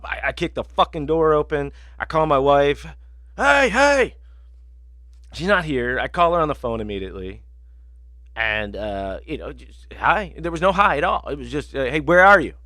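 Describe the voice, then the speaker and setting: A man's voice: on the high side, pushed and bright, dry recording. A man hosting a sports betting podcast, telling rambling, profane stories in casual chat with lots of fillers.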